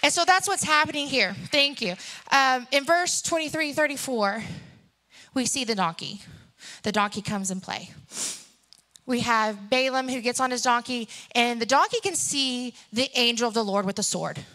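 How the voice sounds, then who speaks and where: A woman's voice: on the high side, moderate pace, pushed and bright. A woman in her thirties preaching a sermon, telling stories and acting out the characters. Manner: storytelling, acts out characters.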